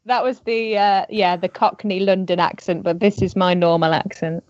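A woman's voice: medium pitch, steady tone, moderate pace, darkish tone, no echo, dull audio. A young woman, a podcast guest, chatting playfully and giggling often. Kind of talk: casual podcast chat.

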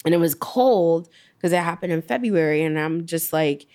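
Young woman, interview guest; low, smooth voice, halting and reflective delivery. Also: warm tone. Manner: halting, reflective, many fillers. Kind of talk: personal storytelling interview.

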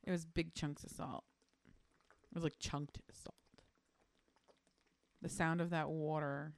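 A woman's voice: sits low, little pitch movement, slow pace, creaky, long pauses. Matter-of-fact woman co-hosting a podcast. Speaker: podcast co-host. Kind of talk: casual chat reacting to videos.

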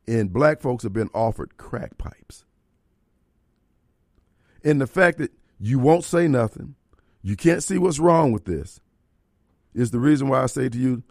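Talk radio host, male, gravelly voice, blunt, emphatic, dry studio sound. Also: mid-range voice, no echo. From Mississippi.

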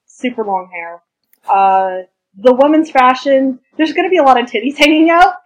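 A woman's voice: high voice, animated, moderate pace, low-quality recording. A woman co-hosting a podcast, chatting casually and enthusiastically about history and stories, with crude humor. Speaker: podcast co-host. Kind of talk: casual chat.

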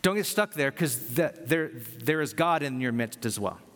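A man preaching a sermon in an animated way, often jumping into loud quoted voices. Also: medium pitch, normal speed, long reverb tail. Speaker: pastor.

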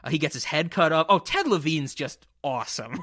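Casting: excitable male podcast co-host, bright tone, dry close sound, quotes scenes with gusto. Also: a little high, fairly quick, no echo. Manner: enthusiastic, quotes lines in put-on voices. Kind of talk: casual film discussion.

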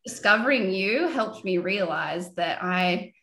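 A woman's voice: mid-range voice, expressive, unhurried. A young Australian woman, pregnant and a bit out of breath, talking as an interview guest over a video call in an enthusiastic way. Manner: warm, enthusiastic, laughing often. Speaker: guest, small business owner. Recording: roomy echo on a video call.

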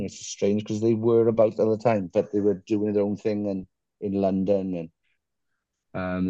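A man's voice: on the low side, mellow, no room sound, dull audio. A man, a musician guest in a casual interview, rambling through self-deprecating stories and swearing casually.

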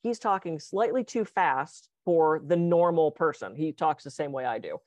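A woman in casual conversation, a hypnotist and guest who talks fast and animatedly, acting out the voices in her anecdotes. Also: low voice, expressive, darkish tone, dry recording, dull audio. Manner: fast-talking storyteller.

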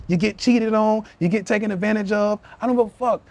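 High-voiced man ranting profanely to followers. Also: steady tone, brisk, a little mellow. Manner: profane, preachy, addresses listeners as family. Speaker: podcast host. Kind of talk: live-stream motivational rant. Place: live social media stream.

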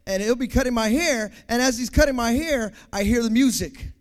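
A man preaching a sermon, acting out everyday scenes with lively sound effects and asides. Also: brisk. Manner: animated, acts out scenes, sound effects like boom.

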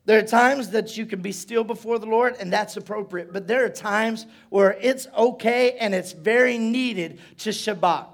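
A man preaching as pastor in a church service, telling stories with playful asides and building to loud shouts. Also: high-pitched, moderate pace, gravelly, few pauses. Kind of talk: sermon.

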